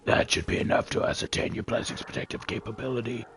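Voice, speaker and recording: A man voicing a polite, scholarly alchemist with a measured, formal delivery, as fan voice acting of a game scene. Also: mid-range voice, steady tone, a bit bright, natural voice.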